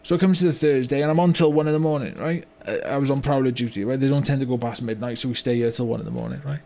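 An actor playing a remorseful older British business owner in a comedy monologue, with a rambling delivery full of "you know" and "right?". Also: male voice, mid-range voice, steady tone, rapid-fire, gravelly, warm tone, close to an everyday voice. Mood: rueful. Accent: British English. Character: remorseful older male car yard owner, blunt. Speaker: business owner telling a story. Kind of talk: mock-documentary comedy monologue.

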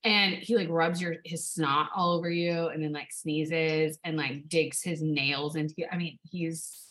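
Young woman, bright voice, casual chat, animated storytelling, swearing, laughing. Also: low voice, unhurried, low-quality recording. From California.

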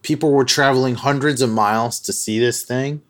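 A podcast host with a mid-range voice, speaking at normal speed, retells a story in a loose, chatty way, packed with "like" and other fillers.

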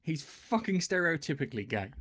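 A man's voice: a little high, sing-song, brisk, a bit bright. A man co-hosting a podcast in casual chat, joking and emphatic, cutting in on his partner. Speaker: podcast co-host.

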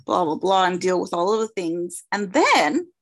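A woman's voice: on the low side, big pitch swings, moderate pace. A woman co-hosting a podcast, telling a story in casual chat, full of fillers and quoted asides. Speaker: podcast co-host.

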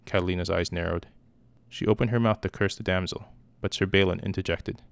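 Male reader, steady measured narration, low and gravelly, dry. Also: no echo. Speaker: audiobook reader. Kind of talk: scripted narration.

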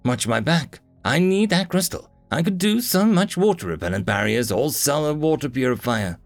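A man's voice: lively intonation, normal speed, gravelly, soft background music. A man voicing a haughty, dramatic young female mage in an audiobook reading, his voice raised well above his own. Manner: dismissive, theatrical, high-pitched squeals.

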